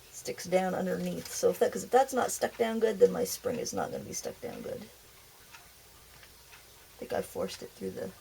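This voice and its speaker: A woman's voice: mid-range voice, vocal fry, darkish tone, slight background noise. A woman hosting a casual craft tutorial at her craft table, chatty, upbeat and self-deprecating. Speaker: craft video host.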